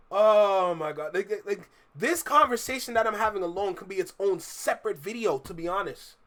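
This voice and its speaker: A man's voice: high voice, expressive, unhurried, fairly bright tone. A man with a Toronto accent, hosting a reaction video and giving emphatic, opinionated commentary that repeats its points. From Canada. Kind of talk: casual commentary over a clip.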